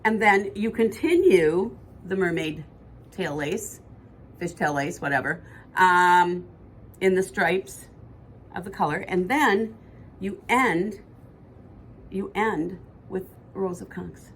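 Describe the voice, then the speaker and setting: A woman's voice: fairly low pitch, expressive, takes it slowly, pauses often, a little hiss or hum. A woman, co-hosting a podcast in casual chat that rambles and corrects itself as she goes. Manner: chatty, rambling, self-correcting. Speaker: podcast co-host.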